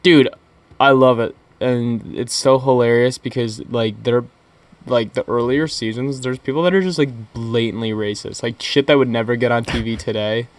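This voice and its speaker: A young man co-hosting a podcast, telling crude stories in a halting, rambling way with many fillers and restarts. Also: medium pitch, steady tone. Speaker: podcast co-host. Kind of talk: casual crude banter.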